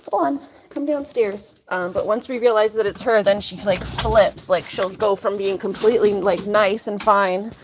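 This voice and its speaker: A woman's voice: medium pitch, fairly even intonation, moderate pace, hardly any pauses, background noise. A woman hosting a casual live stream from home, chatting with viewers in a rambling way full of "like" and little laughs. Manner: chatty, lots of "like" and laughs, coos to pets. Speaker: livestream host. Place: home, indoors. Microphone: phone or webcam camera.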